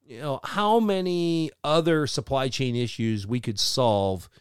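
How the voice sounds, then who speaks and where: A man co-hosting a podcast in relaxed casual chat, joking around and slipping into playful mock voices. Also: medium pitch, a little slow, smooth, no echo, clean studio sound. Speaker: podcast co-host.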